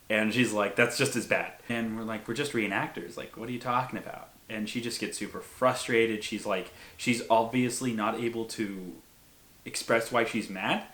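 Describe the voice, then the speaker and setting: A man's voice: fairly low pitch, a bit bright, roomy sound. A young man in his twenties casually telling a long story, rambling with many fillers and an amused tone. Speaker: WWI living historian and video host.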